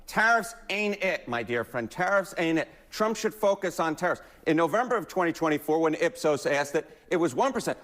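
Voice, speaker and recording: A male TV data analyst walks through poll numbers with punchy, folksy emphasis. His voice sits high for a man, and he leans hard on key words. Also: animated, fairly quick, few pauses, fairly bright tone.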